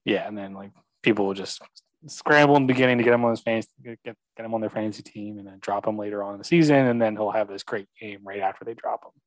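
A man's voice: on the low side, fast, no room sound, rough recording. A young man chatting about football, agreeable and hesitant, full of ums and yeahs. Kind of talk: casual sports chat.

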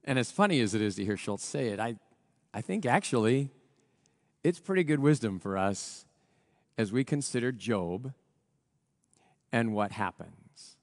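A male pastor giving a sermon in an earnest, reflective way, his voice a little rough, with pauses and restarts. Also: mid-range voice, lively intonation, big-room sound. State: voice a little rough from recent strain.

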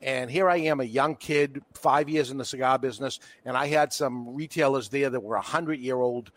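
A man's voice: medium pitch, a little fast, no room sound. A man with a Boston accent, a cigar retailer talking casually on a podcast and acting out quotes as he tells stories. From Boston, USA. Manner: animated storyteller, acts out quotes.

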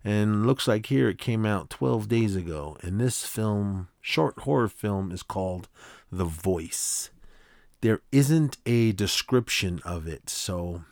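A man's voice: lowish voice, lively intonation, takes it slowly, creaky, darkish tone, dry recording, clean studio sound. A man hosting a podcast, casually recapping a short film in a rambling way, with frequent fillers and restarts. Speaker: podcast host.

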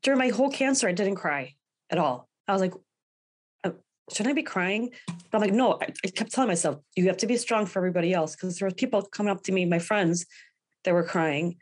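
A woman's voice: medium pitch, fairly quick. A woman guest speaking candidly in a podcast interview, often quoting her own past thoughts. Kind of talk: personal interview.

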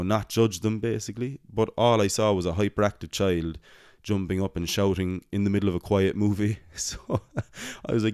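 A man's voice: lowish voice, a little mellow, smooth, no room sound, studio quality. A young man telling a rambling, casual story about his cinema job. He swears often and pokes fun at himself. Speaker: podcast host, cinema worker.

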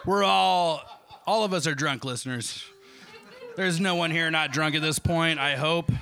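A man's voice: a little high, unhurried, sharp tone, faint music behind. A man hosting a live comedy show, loose and joking with profane banter.

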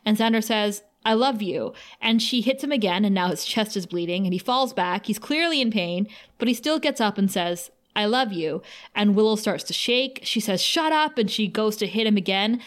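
A woman co-hosts a podcast, walking listeners through an episode in a chatty, lively way, with plenty of fillers. Her voice sits in a middling pitch range for a woman, neither high nor low. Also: brisk, few pauses. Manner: lively storytelling with frequent fillers. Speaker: podcast co-host. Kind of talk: casual episode recap.

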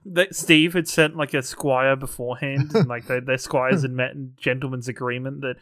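A man's voice: mid-range voice, steady tone, normal speed, a bit bright, dry recording, clean studio sound. A man co-hosting a casual film podcast, talking loosely and laughing often. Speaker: podcast co-host.

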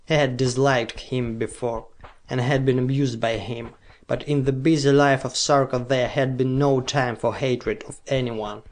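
A man reading an old pulp novel aloud in a measured, steady voice. His pitch sits right in the middle, neither deep nor high. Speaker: audiobook narrator. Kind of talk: scripted narration of pulp fiction.

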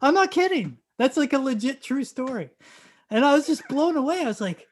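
A man from Canada telling a story in casual chat, acting out the dialogue and bursting into loud excited shouts. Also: very high voice, brisk.

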